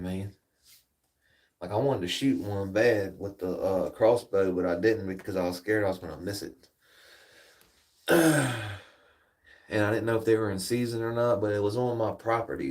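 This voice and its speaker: A man's voice: on the low side, normal speed, pauses often, recorded from a distance. A laid-back man rambling on a livestream. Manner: laid-back rambling storyteller, swears freely. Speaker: livestream host. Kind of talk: casual livestream chat.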